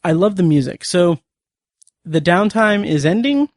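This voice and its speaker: A man's voice: sits high, lively intonation, unhurried, no room sound, studio quality. A man hosting a podcast, casually recapping and reviewing a TV episode in a rambling way, with many fillers and restarts.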